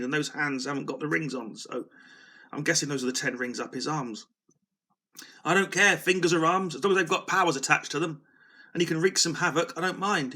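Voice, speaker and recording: A man's voice: a little high, bright, forceful tone. A man hosting a casual solo video, rambling and self-deprecating as he talks, often restarting his sentences. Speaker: video host.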